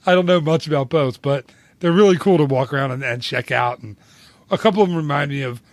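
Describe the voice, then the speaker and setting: A man's voice: a little high, fast, no room sound. A man co-hosting a travel podcast, chatting casually in an enthusiastic, rambling way. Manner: enthusiastic, rambling, laughs often. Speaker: podcast co-host. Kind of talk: casual chat.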